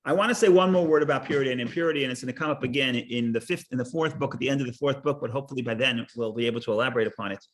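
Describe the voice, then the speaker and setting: A man teaching a Torah class, halting, repeating words and restarting, and explaining with stories and jokes. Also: medium pitch.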